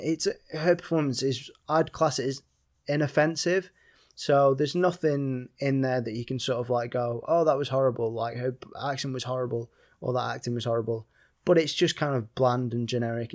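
A man's voice: mid-range voice, a little mellow. A man from Britain giving a casual, rambling spoken film review, with many fillers and restarts.

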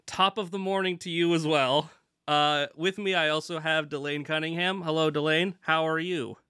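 A bright, crisp male voice with a Pacific Northwest American accent, hosting a casual podcast among friends. He rambles, fills pauses with "uh" and pokes fun at himself. The sound is close and dry, with no room around it. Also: fairly high pitch, fairly even intonation, no echo. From born in Britain, raised in the Pacific Northwest. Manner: rambling, self-deprecating, lots of fillers. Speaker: podcast host.

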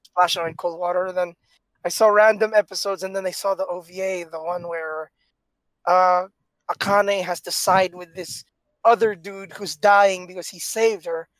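A man co-hosting a casual chat, animated, laughing often and talking with plenty of fillers and restarts. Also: high-pitched, no echo. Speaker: podcast co-host.

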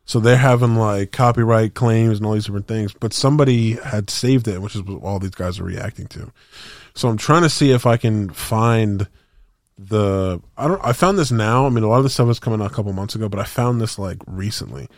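A man's voice: fairly low pitch, fairly quick, no echo, clean studio sound. A man co-hosting a podcast, chatting casually in a rambling, slangy way with lots of fillers and restarts. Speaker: podcast co-host. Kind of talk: casual chat.

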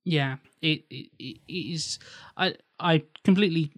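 A man's voice: a little high, unhurried, no echo. A man co-hosting a podcast, chatting about a film thoughtfully with stumbling restarts. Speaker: podcast co-host. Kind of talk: casual film chat.

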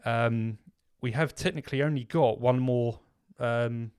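A man's voice: mid-range voice, unhurried, darkish tone, smooth. A man co-hosting a podcast in casual chat, rambling with lots of filler words and restarts. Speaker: podcast co-host.

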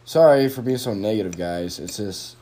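A young man talks into his phone's microphone, swearing nonstop in a loose, rambling rant. His pitch swings up and down a lot as he vents his frustration, and his sentences keep breaking off and starting again. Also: lively intonation, normal speed, warm tone. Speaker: podcaster. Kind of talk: frustrated solo podcast rant.

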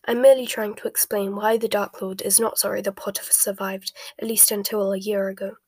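Cunning male wizard, voiced by a woman, whispered storybook reading, smooth, measured, breathy, dry. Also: mid-range voice, flat delivery, darkish tone, dry recording. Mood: cold. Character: cold, smooth, calculating male dark wizard.

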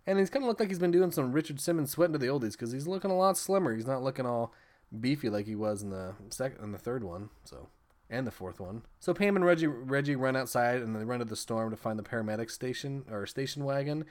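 A man hosting a casual film podcast talks quickly at a mid pitch. He rambles through scene recaps with profanity and bursts of laughter. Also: expressive, a little mellow. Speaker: podcast host reviewing films.

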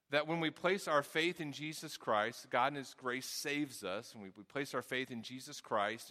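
A middle-aged man preaching a sermon with a softened Southern accent, earnest and repeating words as he thinks aloud. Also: mid-range voice. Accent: Southern US, softened by Midwest. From American South. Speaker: pastor. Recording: long reverb of a large hall.

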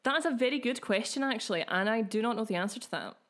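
A woman's voice: a little high, quick pace, a bit bright. A Scottish woman co-hosting a podcast, talking in a friendly, easy-going way. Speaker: podcast co-host. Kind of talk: casual chat.

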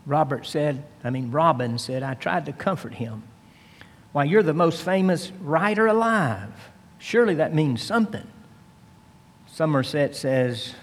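A man's voice: on the high side, expressive, slow, pauses often. A man preaching a sermon, retelling a story with dramatic, emphatic delivery. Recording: long hall reverb.

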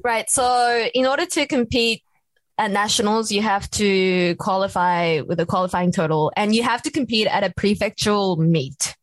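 A woman's voice: medium pitch, normal speed, dry recording. Dry-sounding woman explaining plainly. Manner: matter-of-fact, explains step by step with fillers. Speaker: powerlifter and guest. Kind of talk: casual interview.

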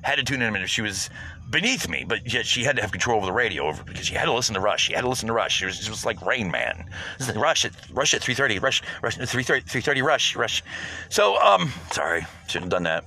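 A man hosting his own low-budget podcast, ranting bluntly and profanely in a rambling, casual way. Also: vocal fry, bright, forceful tone. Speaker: podcast host. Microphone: home podcast setup.

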